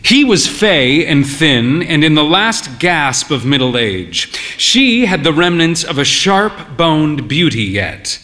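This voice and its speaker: A man narrating a literary story in a wry, weary and measured way. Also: on the high side, very animated, bright, forceful tone.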